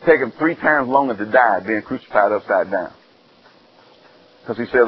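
A man preaching a sermon, telling stories with animated ups and downs in his delivery. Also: normal speed, long pauses, highs cut off, slight background noise. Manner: animated storytelling, rising high and loud when excited.

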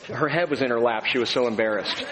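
A man's voice: mid-range voice, fast, crowd noise. A pastor giving a conversational, humorous sermon to his congregation, acting out quotes. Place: church sanctuary. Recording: long hall reverb, faint room noise.

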